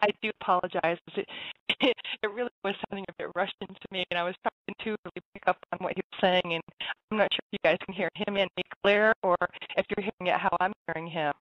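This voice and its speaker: A woman's voice: on the low side, steady tone, fast talker, no room sound. A woman hosting an internet radio show, chatty and apologetic, laughing easily as she talks. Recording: dull lo-fi audio, dry.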